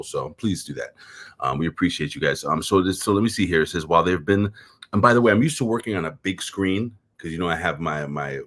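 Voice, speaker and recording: Deep-voiced New York man rambling. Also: fairly quick, a bit bright. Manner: rambling, profane, repeats words and fills with "um". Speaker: co-host of a wrestling review show. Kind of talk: casual livestream chat.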